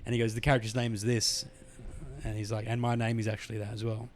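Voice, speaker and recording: A man's voice: lowish voice, level tone, quick pace, a little mellow, a little hiss or hum. A man hosting a podcast, chatty and agreeable, telling stories with plenty of fillers. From Australia. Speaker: podcast host. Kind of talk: casual interview chat.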